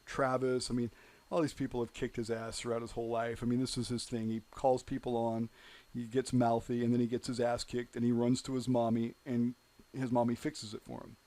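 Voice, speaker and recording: A man's voice: medium pitch, level tone, brisk, dark tone. Heated rambling male show host. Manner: rambling, heated, peppered with "you know". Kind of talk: casual monologue storytelling.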